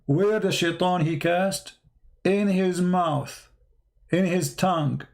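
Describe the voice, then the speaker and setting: Brief: sarcastic male commentator, slightly high voice, halting phrasing, mocking tone. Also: vocal fry, a little mellow. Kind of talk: polemical commentary monologue.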